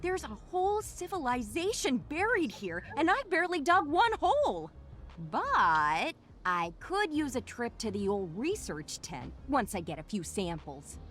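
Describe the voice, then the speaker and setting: Here is a bubbly grumpus archaeologist from a video game, with a high, lively voice and a folksy Minnesotan accent. She chirps along in a chipper tone while soft game music plays. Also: unhurried, heavily acted. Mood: cheery. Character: cheerful female grumpus archaeologist.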